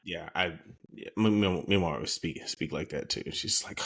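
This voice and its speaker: A man's voice: sits low, normal speed, gravelly, fairly bright tone, husky. A man co-hosting a podcast, teasing his co-host in playful, casual banter. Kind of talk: casual chat.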